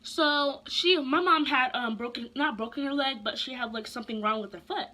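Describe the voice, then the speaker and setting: A young woman vlogger tells a casual storytime in a bright, crisp voice that sits a little high. She talks in a chatty, animated way, full of slang and quick asides.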